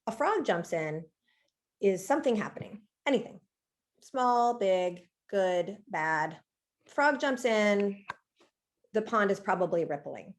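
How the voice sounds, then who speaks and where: A woman therapist talking in a relaxed, reflective way in a webinar, acting out parents' worries as she goes. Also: mid-range voice. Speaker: therapist guest. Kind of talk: webinar talk.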